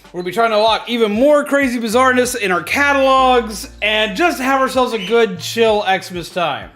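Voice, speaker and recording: A man hosting a casual livestream, chatty and excitable, greeting viewers and repeating himself. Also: very high voice, normal speed. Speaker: livestream host. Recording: faint background music.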